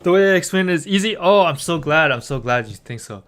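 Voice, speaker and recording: A man's voice: on the high side, animated, fast, a bit bright. A young man from Canada, teaching Korean in a casual, chatty livestream and laughing often. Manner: chatty, laughs often, reads chat aloud.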